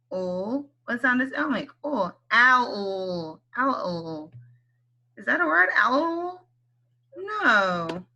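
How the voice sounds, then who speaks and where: Slow, bright-voiced kindergarten teacher woman. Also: fairly high pitch. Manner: slow, clear and encouraging, stretching out letter sounds. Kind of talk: slow phonics lesson for young children.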